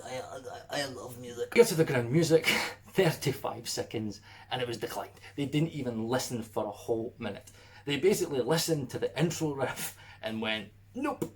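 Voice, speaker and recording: A musician in a casual vlog, sarcastic, laughing and swearing. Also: male voice, mid-range voice.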